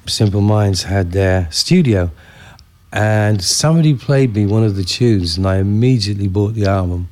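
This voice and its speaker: A man's voice: lowish voice, warm tone. Thoughtful male record producer reminiscing. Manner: thoughtful, conversational, many "you know"s. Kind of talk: reflective interview.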